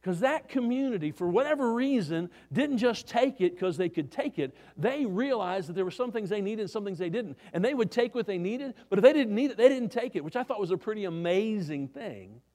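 Male preacher, high-pitched, folksy sermon storytelling with restarts, reverberant hall. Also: darkish tone.

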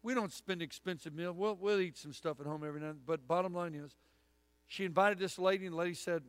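Speaking fast in a high-pitched voice with no echo, this middle-aged man is a guest preacher giving a sermon with an altar call in a church sanctuary. He tells folksy stories and drives home points with punchy, emphatic lines.

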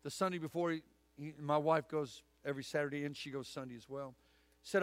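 A middle-aged guest preacher delivers a sermon with an altar call in a church sanctuary, his voice fairly high and steady, brisk, and recorded dry. His style is folksy and full of stories, punctuated by punchy, emphatic lines.

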